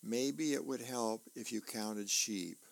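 A man voicing a mischievous little girl from a comic strip, with a slow, teasing delivery. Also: medium pitch, gravelly, no room sound.

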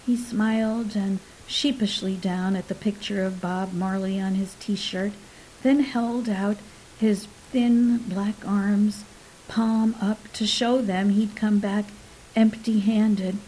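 A woman narrates short fiction with a mellow, warm tone and a steady, unhurried delivery. Her voice sometimes sinks into a soft whisper. A faint hiss sits under the recording. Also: mid-range voice, rough recording. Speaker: story reader. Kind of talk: scripted narration of short stories.

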